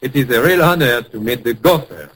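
A man's voice: medium pitch, animated, brisk, close to an everyday voice. A man with a French accent plays a polite, formal visiting singer in an old radio comedy. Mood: courteous. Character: courteous male French crooner guest. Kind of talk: 1940s radio acting. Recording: hissy old radio broadcast.

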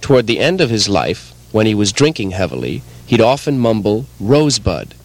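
A man reading an anecdote aloud in a measured storytelling way during a comedy show. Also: on the low side, very animated, rough recording. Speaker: comedy troupe member.

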